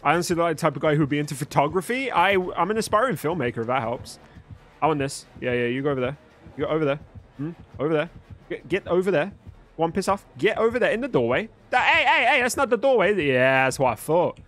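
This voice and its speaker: Animated young male game streamer. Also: fairly high pitch, fairly quick. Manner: joking banter with chat, swears freely. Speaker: livestreamer. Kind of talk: live gaming stream chat.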